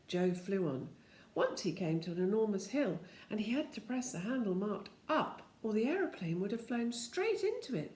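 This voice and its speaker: A woman's voice: mid-range voice, sing-song, normal speed, darkish tone. Older woman, homely storybook reader with chatty asides, echoey room. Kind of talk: reading a children's book aloud.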